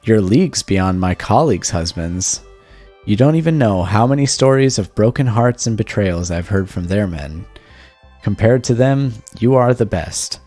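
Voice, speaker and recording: A man's voice: fairly low pitch, animated, moderate pace, warm tone, faint music behind. A man voicing a doting, possessive young wife while reading a text game aloud, in a plain, lightly acted tone. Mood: sweetly possessive.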